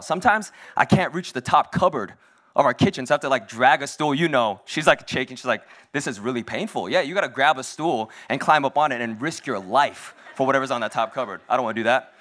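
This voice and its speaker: A young man delivers a casual, humorous sermon at a church service in a medium-pitched, fairly bright voice with lively intonation, speaking fast. He's chatty and self-deprecating, joking around and saying "like" constantly.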